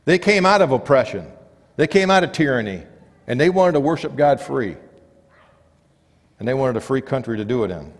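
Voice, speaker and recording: Guy preaching, goes loud then drops real low, long echo from the church hall. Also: lively intonation, normal speed, pauses often. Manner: rising and dropping emphatic delivery, quiet low stresses. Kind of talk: sermon. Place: church sanctuary.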